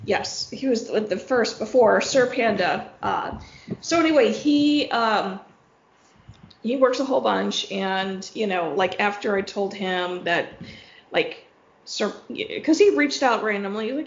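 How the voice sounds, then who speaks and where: A woman's voice: mid-range voice, unhurried, roomy sound, dull audio. A young woman co-hosting a casual podcast, telling a story with lots of fillers and laughs. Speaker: podcast co-host. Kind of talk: casual chat among friends.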